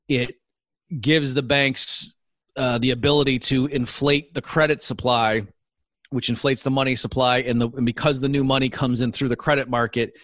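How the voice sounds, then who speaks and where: A man's voice: medium pitch, fairly bright tone, no room sound. A middle-aged man, an economist guest in an interview, explaining his field in an earnest, lecturing way. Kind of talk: interview answers.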